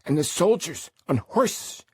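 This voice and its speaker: A solemn old Lakota elder speaks in a very breathy, husky voice, as a woman voices him for an audiobook. He talks slowly and gravely, his pitch rising and falling widely as he presses his commands. The sound is dry and close. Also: very animated, no echo, exaggerated voice. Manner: grave, slow, insistent instructions. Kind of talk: audiobook character voice.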